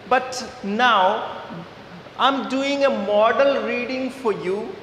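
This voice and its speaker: A man with an Indian English accent teaching an English lesson to schoolchildren, talking slowly with many fillers and repeated words. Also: very high-pitched, a bit bright. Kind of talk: classroom video lesson. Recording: echoey room with faint background noise.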